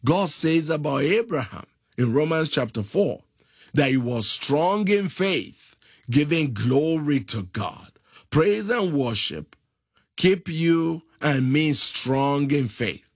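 A man preaching a sermon, slow and emphatic, stretching out key phrases. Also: on the high side, sing-song, slightly rough, dry recording, clean studio sound.

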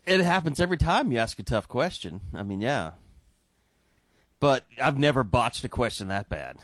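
A man's voice: mid-range voice, big pitch swings, normal speed, fairly bright tone, no echo. A man co-hosting sports radio, making dry jokes in casual chat.

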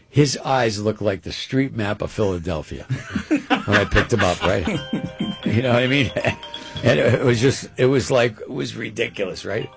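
A man telling a long anecdote on a radio show in an animated, rambling way, often repeating words. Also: medium pitch, vocal fry, breathy edge. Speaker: guest storyteller.

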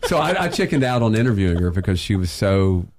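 A middle-aged man hosting a public radio pledge drive, an animated storyteller who laughs often. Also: on the low side, fast. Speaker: radio host.

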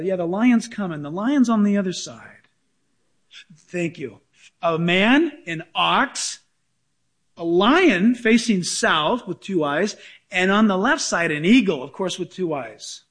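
A man's voice: sits high, a bit bright. A male pastor preaching a sermon to a congregation, emphatic and joking with the room.

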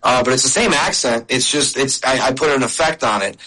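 A man's voice: medium pitch, fairly quick, bright, forceful tone, rough recording. A middle-aged man, a comedian, chatting in an interview in a storytelling way. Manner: storytelling, chatty with restarts and laughs. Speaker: comedian and video creator. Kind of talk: casual interview talk.

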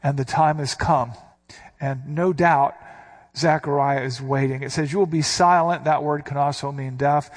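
A man's voice: mid-range voice, flat delivery, measured pace. A man preaching a sermon, explaining a passage line by line in an emphatic, teaching manner.

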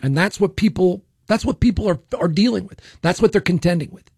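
A man's voice: high-pitched, fairly quick, vocal fry, a little mellow, slightly rough, no room sound, studio quality. A man hosting a political talk radio show, speaking bluntly and opinionatedly, often restarting and repeating himself. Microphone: studio microphone.

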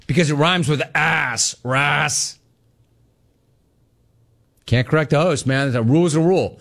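A man's voice: on the high side, takes it slowly, gravelly, pauses often, a bit bright. A middle-aged man hosting a live call-in show, reading viewer messages aloud in a brash, jokey, teasing manner. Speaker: talk show host.

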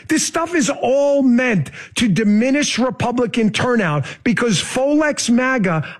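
A middle-aged man hosting a political podcast, urging listeners in an emphatic monologue. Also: very high-pitched. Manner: urgent, emphatic, addresses listeners as folks. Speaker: podcast host.

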